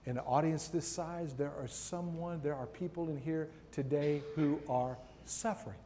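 A man giving a sermon as a guest preacher, reading scripture and speaking with slow, emphatic pauses in a large hall. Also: a little high, warm tone, a little hiss or hum. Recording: long hall reverb.

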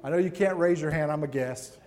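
A man giving a sermon as a guest preacher, reading scripture and speaking with slow, emphatic pauses in a large hall. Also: fairly high pitch, darkish tone. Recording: long hall reverb.

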